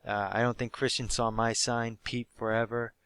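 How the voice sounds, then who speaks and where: A young man with a sore, hoarse throat, recapping a live wrestling show he went to in an animated, swear-heavy way. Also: mid-range voice, normal speed, no room sound. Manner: animated storytelling, swears freely, acts out quotes. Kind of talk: casual excited recap.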